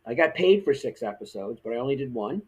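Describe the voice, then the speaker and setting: A man's voice: mid-range voice, fast talker, heavy background noise. A man, an actor guest on a podcast, telling a story in a casual way and acting out the quoted lines. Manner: animated, acts out quoted dialogue.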